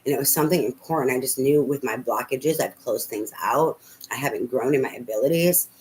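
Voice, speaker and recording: A woman's voice: rumbling low, brisk, a little mellow, a little hiss or hum, rough recording. A middle-aged woman telling a rambling personal story as a tarot reader, full of fillers and casual swearing.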